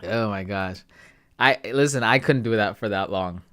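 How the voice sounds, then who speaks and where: A man's voice: lowish voice, normal speed, a bit bright. A man who grew up in Ghana, chatting casually on a live stream, joking and using slang as he reads his chat. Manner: laid-back, joking, talks to chat with slang. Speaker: forex trading streamer.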